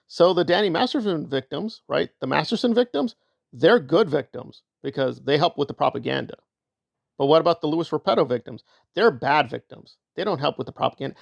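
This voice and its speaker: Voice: medium pitch, very animated, fairly quick, gravelly, dry recording, studio quality. A commentator giving opinion commentary in a sarcastic, argumentative way.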